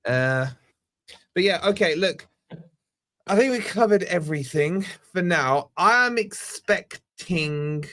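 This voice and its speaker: Chatty British football fan show host. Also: male voice, sits high, animated, slow, sharp tone, no room sound, clean studio sound. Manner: upbeat, chatty, wraps up with sign-offs. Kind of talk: live fan show panel chat.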